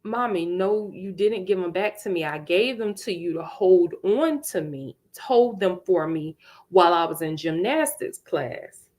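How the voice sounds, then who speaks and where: A woman's voice: fairly low pitch, expressive, a little slow, darkish tone. A woman voicing a frightened young girl who pleads insistently that she is telling the truth. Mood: pleading.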